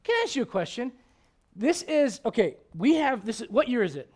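A man with a notably high voice preaches a sermon, pressing his points with emphatic rhetorical questions. He speaks as a pastor addressing his congregation. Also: big pitch swings, brisk, a little mellow. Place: church service before a congregation.

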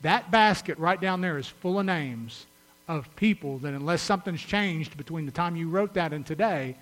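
A man preaching a sermon, reading scripture and retelling stories, his voice rising to loud shouts and dropping to hushed urgency. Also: fairly high pitch. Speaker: pastor.

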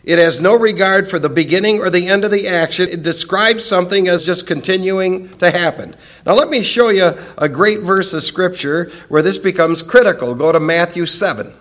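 A man's voice: sits high, normal speed, few pauses, fairly bright tone. A man teaching a Bible study lesson in an earnest, emphatic way, repeating key words for stress.

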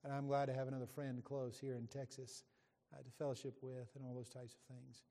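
Middle-aged man, visiting preacher; folksy, joking with the congregation; mid pitch, reverberant sanctuary. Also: flat delivery, brisk, gravelly, mellow. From West Virginia, USA. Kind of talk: sermon introduction from the pulpit. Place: church sanctuary. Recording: long church hall reverb.

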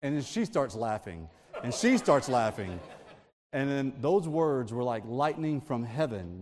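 A man's voice: medium pitch, big pitch swings, unhurried, a little mellow, in a large hall. A man preaching a sermon, telling family stories with frequent laughter and asides to the congregation.

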